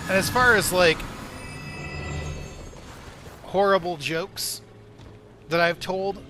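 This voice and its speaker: Man, game streamer, casual commentary, profane argumentative rant, a bit high-pitched. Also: takes it slowly, long pauses. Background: game music.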